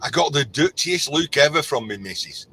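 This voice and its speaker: A man's voice: a little high, moderate pace, breathy edge, rough recording. A middle-aged man as a guest, telling stories in a casual chat and acting out the quotes. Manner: animated storyteller, acts out quotes.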